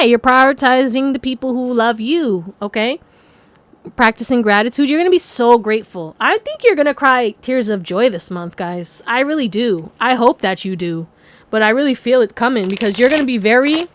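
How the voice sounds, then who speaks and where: A woman's voice: a little high, no echo. A young woman giving a casual pick-a-card tarot reading, chatty and rambling, swearing freely and laughing often.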